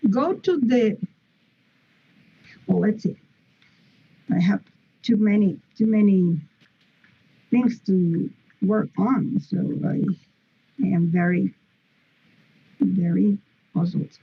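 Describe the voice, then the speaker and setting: Slow, husky woman teaching grammar. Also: mid-range voice, dull audio. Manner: patient, explains step by step with frequent "mm-hmm" and "okay". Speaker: English teacher. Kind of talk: online English grammar lesson.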